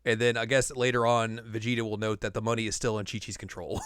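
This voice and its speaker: A man's voice: lowish voice, level tone, quick pace, a bit bright, clean tone, dry recording, studio quality. A man co-hosting a podcast, casually recapping an episode in a rambling way, with lots of "uh" and "like". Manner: rambling recap with many fillers. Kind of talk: casual chat.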